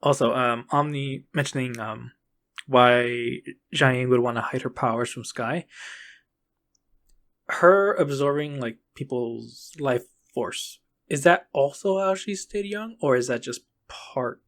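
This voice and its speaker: A man in casual podcast reaction talk, mid-pitched and easygoing. He rambles loosely and slips into quick bits of the characters' lines as he explains. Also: fairly bright tone. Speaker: podcast co-host.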